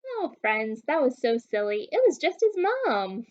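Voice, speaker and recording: A woman reading a children's story aloud slowly and expressively for young listeners, on a dull lo-fi home recording. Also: sits high, sing-song.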